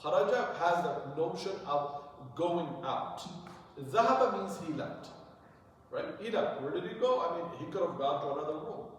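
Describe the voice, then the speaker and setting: A man's voice: fairly high pitch, expressive, normal speed. A man teaching a classroom lesson, explaining patiently and often checking with "right?". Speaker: Arabic teacher. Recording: echoey room from far off.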